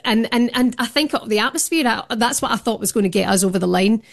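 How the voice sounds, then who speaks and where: A woman's voice: a little high, fast talker, vocal fry. Enthusiastic woman guest on a phone-in. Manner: enthusiastic, gushing. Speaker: guest fan. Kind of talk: phone-in chat.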